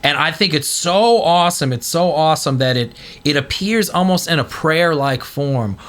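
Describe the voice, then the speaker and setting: Guy hosting a chill podcast, voice bounces all over, bright and a bit high. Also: normal speed. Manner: animated, swings into loud put-on voices. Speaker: podcast host. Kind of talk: casual chat.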